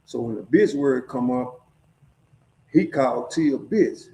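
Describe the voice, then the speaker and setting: Middle-aged man, relaxed streetwise storyteller with a warm tone, recorded in a roomy space. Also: medium pitch, a little slow. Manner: profane, streetwise, keeps checking in with "right?". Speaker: storyteller sharing prison stories. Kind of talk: casual storytelling. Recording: echoey room.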